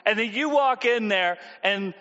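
A man's voice: high voice, a little slow, pushed and bright, in a large hall, muffled recording. A man preaching a sermon in a conversational way, often asking the congregation questions. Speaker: pastor.

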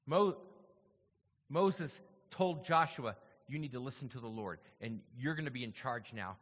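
A man's voice: medium pitch, measured pace, fairly bright tone, slightly rough. Man, preacher, sermon, conversational teaching, long hall echo, muffled lo-fi. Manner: conversational teaching, checks in with listeners. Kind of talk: sermon with scripture reading.

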